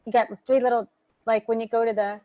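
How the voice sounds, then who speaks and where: A woman's voice: a little high, level tone, fast talker, dark tone, no echo, rough recording. Chatty woman hosting an online workshop. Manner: chatty, loose, occasional swearing. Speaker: workshop host. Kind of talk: casual guided instruction. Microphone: video call.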